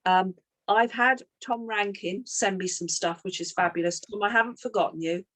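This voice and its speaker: A middle-aged woman leads a team coaching session in an even, mid-range voice. She tells stories with animation and plays both sides of a sales call. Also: mid-range voice, moderate pace.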